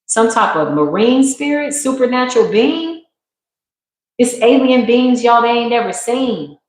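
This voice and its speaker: A woman's voice: fairly high pitch, expressive, unhurried. A woman giving a live spiritual tarot reading in a slangy, emphatic, preacherly way. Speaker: tarot reader. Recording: very echoey room.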